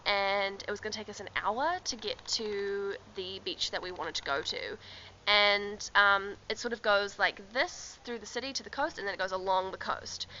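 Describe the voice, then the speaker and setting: A young travel vlogger tells a travel story to her handheld camera in a chatty vlog, laughing often and filling gaps with ums and likes. Her voice is medium-pitched, pushed and bright, though the recording has its highs cut off and a little hiss or hum.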